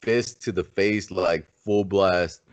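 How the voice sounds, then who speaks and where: A man's voice: sits low, steady tone, slow pace. A man on a podcast, telling a story in a laid-back way and swearing freely. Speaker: podcast co-host. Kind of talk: casual chat. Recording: dull lo-fi sound.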